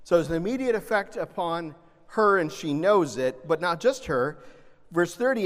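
A man preaching a sermon, animated, swinging between loud emphasis and soft, gentle asides. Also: a little high, moderate pace. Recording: long reverb of a large hall.

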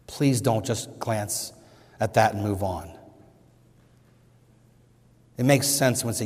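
Male pastor, sermon, earnest, mid-pitched voice, long hall reverb. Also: a little slow, pauses often, darkish tone. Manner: earnest, rising emphatically on scripture quotes.

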